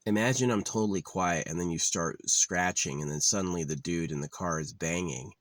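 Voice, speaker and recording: A man's voice: deep voice, a little fast, dry recording. A man talking in a casual, rambling monologue, blunt and profane with a wry edge. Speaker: vlogger. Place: living out of his car.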